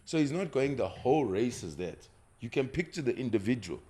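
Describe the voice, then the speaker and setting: A man's voice: medium pitch, big pitch swings, fairly quick, mellow, breathy edge. A man from South Africa hosting a casual podcast chat, talking through his points at length with restarts. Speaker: podcast host.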